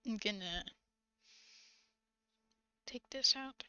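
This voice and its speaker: A woman's voice: a little high, slow, pushed and bright, clear, resonant tone, dry recording. A woman streamer chatting casually and giggling often while she crafts on a livestream, recorded on a slightly dull desk mic.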